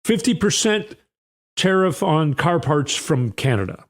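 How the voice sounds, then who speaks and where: A man's voice: fairly high pitch, very animated, unhurried. A man hosting a political commentary show, sarcastic and often sighing. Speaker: host.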